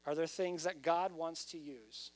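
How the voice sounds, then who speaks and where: Pastor, male, delivering a lively sermon that builds to loud, emphatic stretches; faint electrical hum underneath. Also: a little high, measured pace. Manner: animated preaching, rising to loud emphasis.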